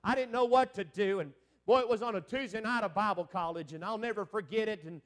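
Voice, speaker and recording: A man, preaching a revival sermon. He tells his story fervently, moving between quiet, hushed stretches and loud, climbing exclamations. He keeps coming back to "I'm telling you" and "amen.". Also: fast. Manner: swings from low, hushed telling to loud, high preaching peaks. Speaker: evangelist preacher.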